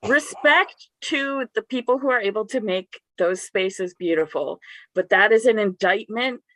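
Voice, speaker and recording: A woman's voice: medium pitch, a little slow, a bit bright, no room sound, poor audio. A woman contestant in casual banter, opinionated and swearing now and then. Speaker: game contestant.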